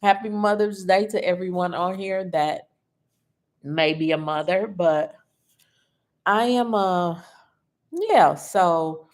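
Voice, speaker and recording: Casting: low-voiced woman, tearful host on a live stream, unhurried delivery. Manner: slow, emotional and personal, with frequent laughs. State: tearful, grieving. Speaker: host of a livestream. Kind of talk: casual livestream chat.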